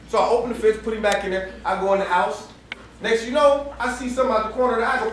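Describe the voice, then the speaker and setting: A man preaching a sermon at a campus ministry gathering, telling a story in a lively, laughing, colloquial way. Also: very high-pitched, fast talker, crowd noise. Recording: echoey room heard from far off.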